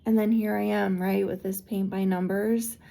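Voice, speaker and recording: A woman with a low, gravelly edge to her voice tells a personal story. She sounds earnest and chatty and leans on "like" constantly, with a dark, mellow tone. It has the loose feel of a spiritual guide talking straight to her followers. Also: flat delivery, moderate pace. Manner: chatty and earnest, heavy use of "like". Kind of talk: casual confessional storytelling.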